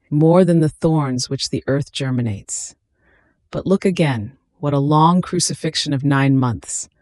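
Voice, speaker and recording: A reader voicing a suffering infant Christ in a slow, tender, pleading devotional reading. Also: medium pitch, no room sound, clean studio sound, natural voice.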